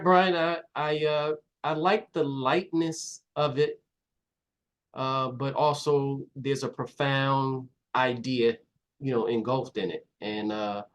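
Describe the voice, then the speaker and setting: Man giving feedback and directions to actors. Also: medium pitch. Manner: relaxed, uses fillers like "you know". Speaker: talent manager.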